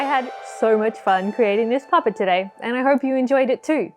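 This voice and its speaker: A woman's voice: a little high, a little fast, hardly any pauses, over music. A woman teaching a puppet-making workshop for children, cheerful and encouraging. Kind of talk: children's craft tutorial.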